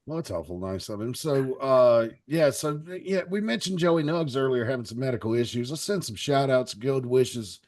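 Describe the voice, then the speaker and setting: Man, folksy rambling wrestling host, mid-pitched, jokey. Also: expressive, normal speed, few pauses, a little mellow. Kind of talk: casual live-stream chat.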